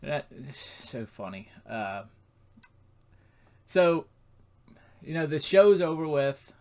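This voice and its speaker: A man's voice: fairly high pitch, sing-song, takes it slowly. Chatty man reviewing a comic book. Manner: chatty, rambling, laughs at the jokes.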